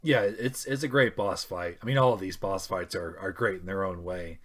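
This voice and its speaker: A man co-hosting a gaming podcast, chatting casually with frequent pauses and restarts. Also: sits low, steady tone, a bit bright. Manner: hesitant, many ums and restarts. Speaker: podcast co-host.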